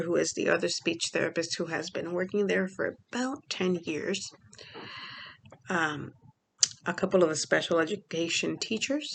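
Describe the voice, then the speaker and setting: Chatty woman with a gravelly voice. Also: a bit bright, slight background noise. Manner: chatty, frequent fillers and clearing of throat; acts out quoted people with pitch jumps. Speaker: vlogger; school speech therapist. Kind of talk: casual storytelling vlog.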